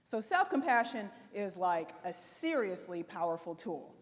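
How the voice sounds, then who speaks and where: A woman giving a motivational conference talk, chatty and animated, speaking straight to the audience. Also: medium pitch, a little slow. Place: conference stage before an audience. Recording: live talk in a reverberant hall.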